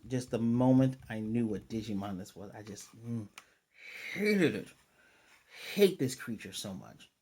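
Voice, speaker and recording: A man's voice: on the low side, expressive, measured pace, dark tone, breathy edge. A man giving a casual, rambling recap and review of a cartoon episode, with exasperated commentary.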